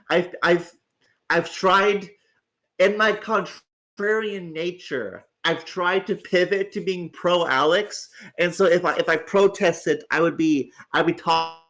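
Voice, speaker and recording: Groggy male stream host, raised pitch, loose profane rambling delivery. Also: fairly bright tone. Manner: rambling, swears freely, stammers on restarts. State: tired, groggy. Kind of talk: casual livestream chat.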